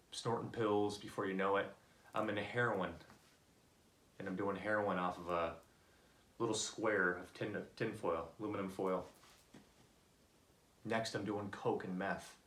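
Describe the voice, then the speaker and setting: A man's voice: low voice, roomy sound. A man giving a personal motivational talk, earnest and candid, telling stories from his own life. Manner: earnest storytelling, animated when voicing others. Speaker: motivational speaker.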